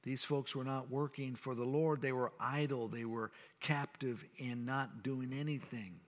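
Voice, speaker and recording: A man's voice: mid-range voice, steady tone, unhurried. An older man, a pastor preaching a sermon with folksy, earnest storytelling. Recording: long church hall reverb.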